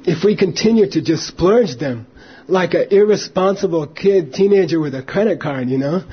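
A middle-aged man with a very husky, breathy voice pitched fairly high talks earnestly as a Buddhist teacher addressing listeners. He keeps checking in with them as he goes. The recording is dull and lo-fi. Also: animated, moderate pace. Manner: earnest, repeats "you know" and "right". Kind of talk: informal talk to an audience.

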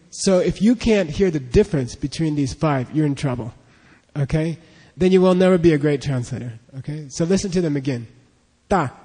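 In a hall with long reverb, a male language teacher runs a pronunciation drill, patiently saying syllables for the students to repeat. His voice is fairly high and mellow, with a breathy edge.

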